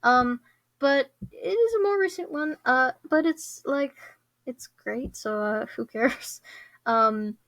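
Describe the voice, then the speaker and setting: A woman's voice: high-pitched, lively intonation, slow, fairly bright tone, dry recording. A young woman hosting her own podcast in casual chat, bubbly and giggly, with many fillers and restarts. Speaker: podcast host.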